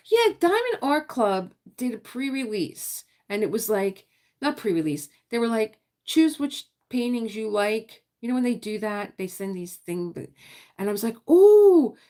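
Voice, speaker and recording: A woman's voice: on the high side, lively intonation, measured pace, a little mellow. A middle-aged woman hosting a casual diamond painting livestream, chatty and rambling, often trailing off to search for words. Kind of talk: casual live-stream chat.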